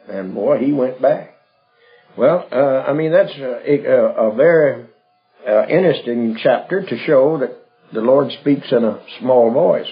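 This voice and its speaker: A man teaching from the Bible in a halting, folksy way, with many fillers and restarts. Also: medium pitch, animated. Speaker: preacher. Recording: dull lo-fi old recording with faint music.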